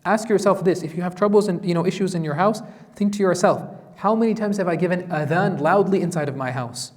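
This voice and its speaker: Brisk, high-voiced imam in a reverberant hall. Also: male voice. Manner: animated storytelling, conversational asides. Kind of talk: Quran tafsir lesson.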